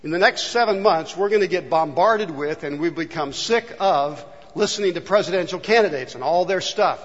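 A California pastor preaches earnestly, posing rhetorical questions to his congregation. His voice is fairly high and moderately paced, heard through a dull recording with long hall reverb.

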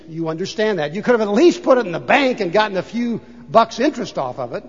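An older man preaching a sermon as a pastor, swinging between loud emphasis and hushed asides. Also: high-pitched, sing-song, fast talker, few pauses, slightly rough. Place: church sanctuary. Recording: dull reverberant church recording.

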